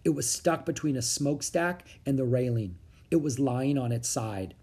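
A reader narrating a children's book in a steady storytelling manner. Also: mid-range voice, normal speed, slightly rough. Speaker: audiobook reader.

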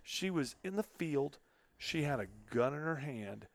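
A middle-aged man chatting on a podcast, talkative and full of "you know"s, easily moved by his own stories. His voice sits at an ordinary pitch with a gravelly edge, and the sound is dry and close. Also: expressive, unhurried, no echo. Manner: talkative, emotional, many fillers. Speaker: podcast host. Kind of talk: casual podcast chat.

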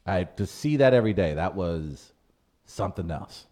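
A man co-hosting a casual podcast chat, lively and quick to mimic people in put-on voices. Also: low-pitched. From St. Louis area. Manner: lively, jumps into exaggerated put-on voices for quotes. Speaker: podcast co-host.

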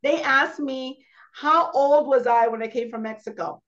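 A woman guest on a podcast, talking in a candid, animated way about her own experiences. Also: high voice, unhurried. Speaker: guest, travel co-founder. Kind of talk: casual chat. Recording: slightly dull lo-fi sound.

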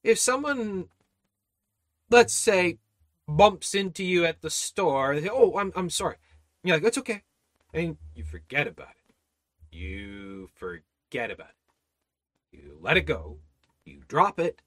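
A man's voice: on the high side, very animated, slow pace, long pauses, a bit bright, no room sound. A man teaching an informal Bible study, exhorting his listeners with rhetorical questions, repeated phrases and frequent restarts. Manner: many restarts and repeated words.

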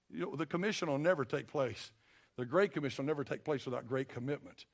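An older man preaching as pastor in a church sanctuary talks fast in a gravelly, medium-pitched voice. His folksy, emphatic style keeps calling on the congregation for a response.

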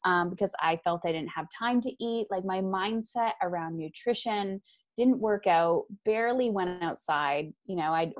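A woman with a somewhat low speaking voice tells her own story as an interview guest. She talks frankly and with energy, with quick asides, and slips into other people's voices when she quotes them. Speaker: guest, author. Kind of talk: candid personal storytelling in conversation. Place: lives in Ontario, Canada.

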